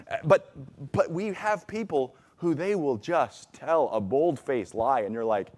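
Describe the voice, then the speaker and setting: A man's voice: on the high side, expressive, moderate pace, hardly any pauses, darkish tone. A man preaching a conversational sermon in a church, acting out the voices he quotes. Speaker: pastor. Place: church sanctuary.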